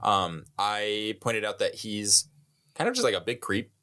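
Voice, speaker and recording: A man's voice: lowish voice, expressive, measured pace, bright, forceful tone. A man co-hosting a podcast, chatting casually and joking, often laughing and putting on voices in his stories. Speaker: podcast co-host. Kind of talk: casual chat.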